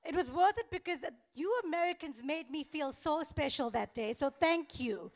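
A young woman performs a stand-up set, her voice high with a gravelly edge. She tells her story in a deadpan, faux-naive way, breaking into small laughs now and then. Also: moderate pace. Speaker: stand-up comedian.

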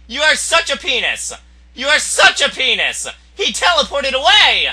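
High, bright, excitable young man gamer. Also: moderate pace, slightly rough. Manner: excitable, crude, yelling at opponents. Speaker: gameplay commentator. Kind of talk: profane live gameplay commentary.

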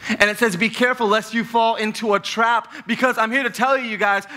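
Bright-voiced lively male pastor. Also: sits high. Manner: lively, conversational, jokes with the congregation. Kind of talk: sermon. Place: church sanctuary.

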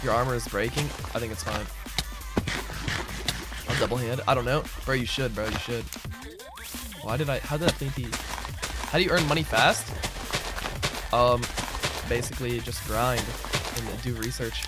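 Laid-back male streamer, mid-range voice, answers chat loosely over clear background music. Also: medium pitch, normal speed, long pauses. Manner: relaxed, answers chat aloud, says "bro" a lot. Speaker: streamer and server owner. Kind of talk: casual livestream chatter while gaming.

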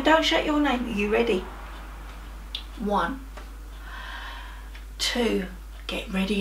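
A woman's voice: mid-range voice, takes it slowly, pauses often, fairly bright tone, a little hiss or hum. A woman, a primary school teacher, leading a children's drama game with playful sound effects and encouragement. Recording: roomy, voice from a distance, music behind.

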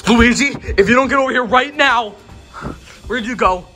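A man's voice: extremely high pitch, moderate pace, sharp tone, soft background music. A man voicing a hot-tempered adult male plumber who threatens and bosses others around. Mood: angry. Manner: angry, threatening.

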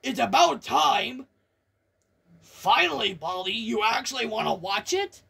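A woman's voice: fairly high pitch, animated, measured pace, creaky, fairly bright tone, husky. A woman doing reaction commentary, jumpy and exclaiming, swearing often. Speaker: video reactor. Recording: distant mic with music behind. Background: music.

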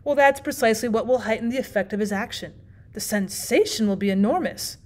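A woman's voice: fairly high pitch, a little fast, close to an everyday voice. A woman reading aloud, voicing a cool, mischievous young man who speaks carelessly and matter-of-factly about dreadful plans. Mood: calmly sinister. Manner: calm, careless, matter-of-fact.

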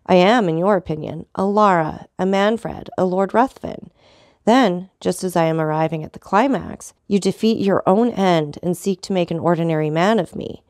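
Icy, unshakable count in a storybook reading, calm and ironic, crisp dry sound; a woman reads him. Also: on the low side, normal speed, dry recording, lightly acted. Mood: cool, disdainful. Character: cold, proud, unshakable male count.

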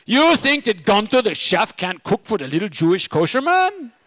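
A man voicing a loud, boastful big male chef, shouting indignantly. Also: high-pitched, big pitch swings, moderate pace, no echo, voice pushed up.

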